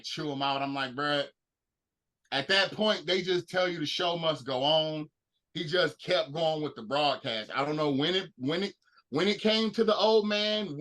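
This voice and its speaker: A man's voice: fairly high pitch, low-quality recording. A man co-hosting a casual sports podcast, ranting in disbelief. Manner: animated, incredulous ranting. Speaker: podcast co-host.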